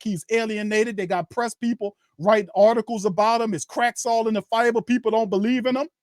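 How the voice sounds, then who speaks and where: A man's voice: high-pitched, no room sound, studio quality. A man hosting a sports show, ranting in a heated, profane way and speaking straight to his viewers and chat. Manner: addresses viewers and chat directly. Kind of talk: angry sports rant.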